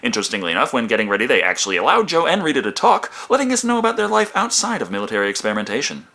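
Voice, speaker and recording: Animated, bright-voiced sarcastic male film reviewer. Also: mid-range voice, very fast, vocal fry. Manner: sarcastic, wisecracking. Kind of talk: comedic film review narration.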